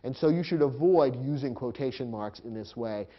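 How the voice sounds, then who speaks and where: A man speaks at a moderate pace with a medium-pitched voice in a lo-fi recorded lecture. He teaches grammar by explaining punctuation rules step by step and spelling out the marks aloud.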